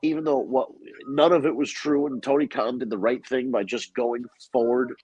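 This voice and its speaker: A man's voice: mid-range voice, fairly even intonation, moderate pace, darkish tone, slightly rough, no echo, rough recording. A man hosting a podcast, talking in a casual, rambling and profane way with strong opinions. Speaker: podcast host. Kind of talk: casual chat.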